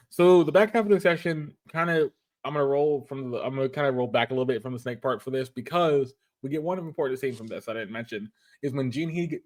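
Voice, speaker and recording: A man's voice: mid-range voice, noisy background. Rambling man recapping an episode. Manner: rambling retelling with many restarts. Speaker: podcast host.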